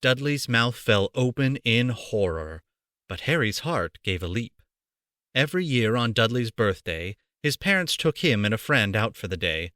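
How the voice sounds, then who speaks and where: A man reading a storybook aloud for children, playful and animated, on a close home mic. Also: mid-range voice, no echo. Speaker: amateur voice actor reading aloud.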